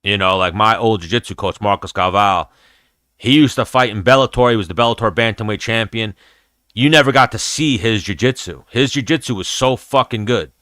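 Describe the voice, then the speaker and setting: A man's voice: lowish voice, a little fast, bright, forceful tone, dry recording, studio quality. A man hosting a casual fight-talk livestream, rambling and swearing freely as he chats with viewers. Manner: rambling, profane, chatty. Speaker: host of an MMA livestream.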